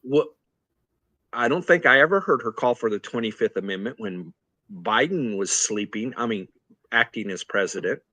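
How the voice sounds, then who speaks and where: A man's voice: mid-range voice, expressive, normal speed, pushed and bright, no room sound. A man co-hosting a casual political talk show with chuckling, easygoing commentary. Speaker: co-host.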